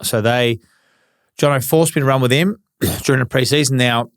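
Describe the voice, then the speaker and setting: Laid-back Australian man with a smooth voice. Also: mid-range voice, normal speed, dry recording, studio quality. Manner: laid-back, swears freely, acts out old arguments. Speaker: guest, former footballer. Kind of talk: casual storytelling interview.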